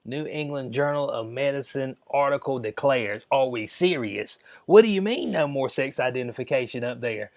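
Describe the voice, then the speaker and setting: Exasperated ranting man, lively pitch. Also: normal speed, few pauses, no echo. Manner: animated, exasperated, slangy. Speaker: channel host. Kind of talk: ranting commentary vlog.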